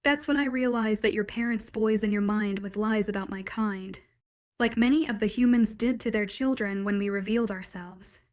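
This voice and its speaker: A woman's voice: medium pitch, steady tone, moderate pace, darkish tone, lightly acted. A woman reading a desperate, possessive werewolf lover. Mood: earnest pleading. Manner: pleading, intense declarations. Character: possessive young male werewolf, desperate and clingy.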